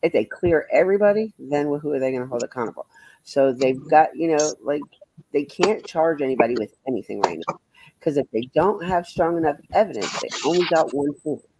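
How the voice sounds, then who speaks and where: A man's voice: on the high side, animated, a little fast, noisy background. Blunt, profane man livestreaming. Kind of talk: casual livestream chat answering viewers.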